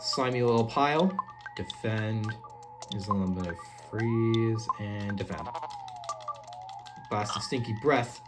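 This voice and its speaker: A woman's voice: very deep voice, lively intonation, slow pace, pauses often. A woman giving casual let's play commentary, chatting and reacting to the game as she plays. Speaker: gaming channel host. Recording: game music playing underneath.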